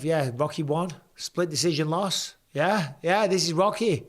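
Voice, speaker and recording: A man's voice: on the high side, measured pace. A man hosting a live fight reaction stream in a casual way. He is tired after hours of talking, swears freely and reads viewer comments aloud. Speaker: host of a live fight watch-along stream.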